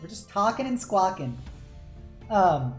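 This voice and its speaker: A woman's voice: mid-range voice, sing-song, a little slow, echoey room, soft background music. A woman hosting a casual streamed panel as game master, chatting loosely with frequent laughs and casual swearing.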